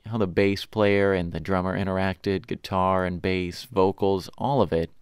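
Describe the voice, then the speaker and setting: A man co-hosting a podcast, speaking in a measured, explanatory way in casual chat. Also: low-pitched, steady tone, clean tone, no echo, clean studio sound. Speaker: podcast co-host.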